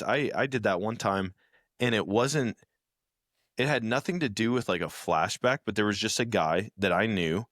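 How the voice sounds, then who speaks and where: A man's voice: on the low side, fairly bright tone, dry recording, clean studio sound. A man co-hosting a podcast, talking earnestly in casual chat with loose slang. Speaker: podcast co-host.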